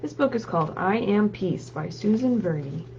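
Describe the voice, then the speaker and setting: A woman librarian hosting story time, reading picture books aloud to children in an animated, sing-song way and prompting them to join in. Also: mid-range voice, moderate pace, highs cut off, slight background noise.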